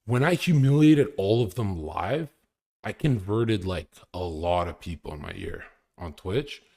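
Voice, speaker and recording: A man's voice: lowish voice, animated, unhurried, warm tone. A young man ranting casually on a live stream, crude and boastful, laughing often as he talks. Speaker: livestreamer.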